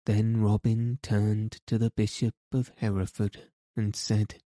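A man narrating a classic tale as an audiobook, in a measured, deliberate way. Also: on the low side, little pitch movement, warm tone, no room sound.

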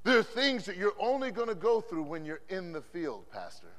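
A man preaching a sermon as pastor. He drops "amen" between phrases and swings from loud declarations to hushed asides. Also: high voice, huge pitch swings, normal speed. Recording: long hall reverb from a conference sanctuary.

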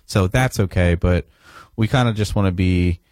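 A man with a very low voice talks about his band in a loose, rambling way, with a quick joke now and then. The sound is dry and close, with almost no room. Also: no echo. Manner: relaxed, rambling, joking. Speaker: busking band member. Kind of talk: casual interview chat.

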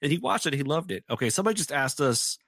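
A man with a bright, forceful voice chatting casually as a co-host. He tells his anecdotes in a lively way and acts out what others said. The recording is dry and close. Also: on the high side, fast, vocal fry, husky, no echo. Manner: animated anecdote telling with acted-out quotes. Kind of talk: casual storytelling chat.

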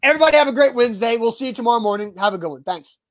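A man's voice: extremely high pitch, expressive, very fast. Exasperated male sports talk co-host. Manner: emphatic, exasperated, repetitive. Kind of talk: casual ranting chat.

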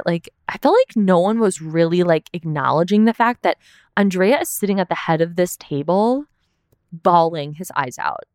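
Young woman, casual recap chat, filler-heavy, lowish pitch, smooth voice. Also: darkish tone, dry recording, clean studio sound. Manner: chatty, lots of "like" fillers. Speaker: recap podcast host.

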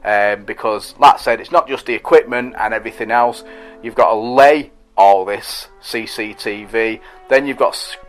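A man's voice: fairly low pitch, normal speed, faint music behind. A middle-aged man who hosts a podcast and reads out listener messages in a chatty, rambling, self-deprecating way. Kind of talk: casual monologue.

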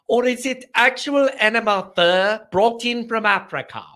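Man doing a snooty rich guy with a fake foreign accent, high-pitched and prissy. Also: pushed and bright, heavily acted. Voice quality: haughty, clipped, with an odd made-up foreign accent.

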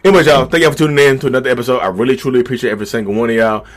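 A man's voice: mid-range voice, fairly even intonation, racing. A man giving blunt, profane relationship advice in a casual vlog monologue recorded in a backyard shed. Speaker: vlogger.

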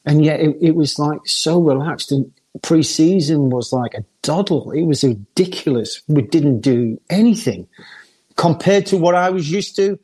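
An older man, telling a lively football anecdote and often laughing. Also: a little high, normal speed, breathy edge. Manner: laughs often, lively storyteller acting out others. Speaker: former footballer guest.

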